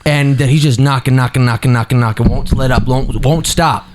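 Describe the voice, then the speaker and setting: A man's voice: medium pitch, fairly even intonation, a little fast, noisy background. A young man on a podcast telling a long story in a rambling, casual way, full of fillers and restarts.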